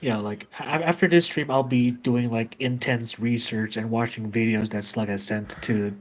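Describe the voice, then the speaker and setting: A man who is a journalist, guesting on a casual stream, chatty and quick to laugh. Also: medium pitch, fairly even intonation. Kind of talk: casual chat.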